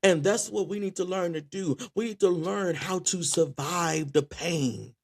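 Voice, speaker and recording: A man's voice: high voice, measured pace, vocal fry. A man preaching a sermon with passion, often repeating words as he restarts his phrases. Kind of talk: spoken sermon.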